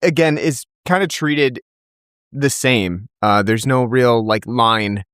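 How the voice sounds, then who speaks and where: Male podcast co-host, middle pitch, hedging delivery, dry close mic. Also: slow pace, a bit bright, clear, resonant tone, no echo. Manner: thoughtful, hedging with many fillers. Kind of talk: casual film discussion.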